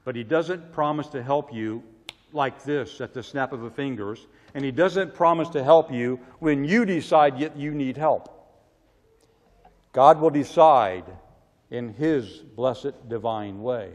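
A man preaching a sermon, swinging from loud pleading cries to hushed, quiet asides. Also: medium pitch, measured pace. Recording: long hall reverb.

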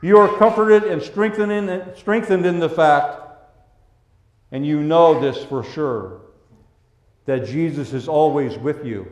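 A man preaching a sermon in a gentle, pastoral way, dropping to hushed tones and then rising to emphatic lines. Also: fairly high pitch, slow pace, echoey room. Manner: gentle, pastoral, swinging between soft hushed passages and raised emphatic ones.

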